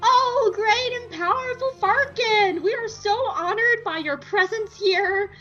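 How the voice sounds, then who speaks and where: A woman voicing a fawning female minister who flatters in an overly sweet, drawn-out way. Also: very high-pitched, dull audio, soft background music, voice pushed up, exaggerated voice.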